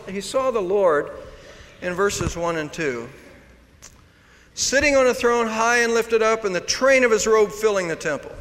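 A fairly high-pitched man preaches in a church sanctuary, his voice trailing off in a long hall reverb. He talks with force, dropping to hushed tones, then rising to loud, emphatic declarations. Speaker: pastor. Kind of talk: sermon.

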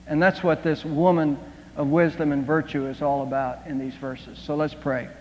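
A male pastor with a somewhat high voice delivers an earnest sermon and prayer, pausing and repeating words as he goes. The sound is muffled and dull, with a long reverb from a large sanctuary. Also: flat delivery, a little hiss or hum. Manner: earnest, with frequent halting restarts. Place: church sanctuary.

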